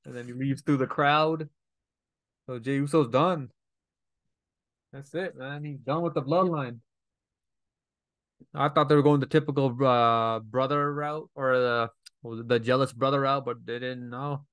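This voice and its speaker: A man's voice: medium pitch, steady tone, moderate pace, smooth, dry recording. A man giving a casual, rambling recap of a wrestling show, retelling each scene with paraphrased quotes and lots of fillers.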